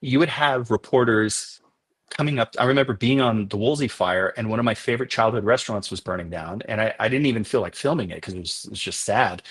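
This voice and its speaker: A man on a podcast interview, explaining things at length and telling animated stories from his filming work. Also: on the low side, fast talker, husky. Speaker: documentary filmmaker guest.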